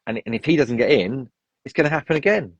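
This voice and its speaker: A man's voice: mid-range voice, animated, quick pace, husky, dry recording, highs cut off. A man chatting as a podcast guest, opinionated and rambling with frequent restarts. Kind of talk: casual chat.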